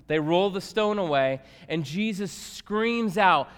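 A man preaching a sermon as a pastor, swinging from hushed tones to loud emphatic shouts. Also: sits high, moderate pace, hardly any pauses, clear, resonant tone. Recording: long reverb of a large hall.

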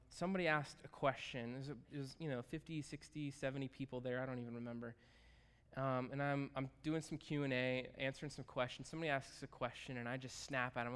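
A pastor giving a conversational, joking sermon, animated and lively at times. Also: male voice, a little high, clean tone. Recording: hall reverb.

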